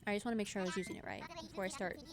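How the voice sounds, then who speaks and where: A woman's voice: medium pitch, expressive, rapid-fire, vocal fry. A woman streaming a video game, chatting casually with her viewers in a playful, teasing way. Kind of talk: casual gameplay livestream chat. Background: game music.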